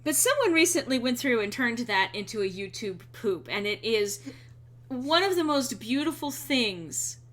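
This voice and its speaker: A woman streamer chatting casually while she draws, quick and rambling, swearing freely and laughing often. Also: a little high, sing-song, fairly bright tone.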